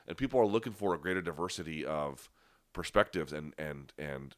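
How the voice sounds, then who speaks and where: A livestream host with a very deep voice talks briskly, answering viewer questions in a live chat. He's conversational and emphatic, often restarting, using fillers and tossing in asides, and he sounds stuffy-nosed. The sound is dry and clean, like a studio.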